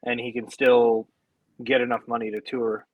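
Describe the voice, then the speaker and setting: A man co-hosting a casual podcast, talking in a relaxed, hesitant way with many fillers. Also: mid-range voice, normal speed, narrow, tinny audio. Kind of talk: casual chat.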